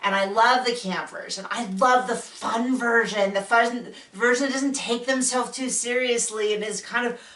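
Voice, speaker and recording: A chatty woman from the US talks through a TV show in a lively, casual recap, her tone bright and clear. She leaps up in pitch whenever she acts out what someone said. The sound is roomy and a little distant from the mic. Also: moderate pace, hardly any pauses. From United States. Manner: chatty, enthusiastic, acts out quotes with big pitch jumps. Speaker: podcast host reviewing a TV show. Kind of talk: casual spoken review. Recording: echoey room, voice a bit off-mic.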